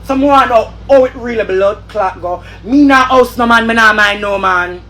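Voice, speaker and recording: A woman's voice: a little high, moderate pace, fairly bright tone. Furious woman ranting with Jamaican accent. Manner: angry, repetitive, swearing. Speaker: vlogger. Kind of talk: heated rant.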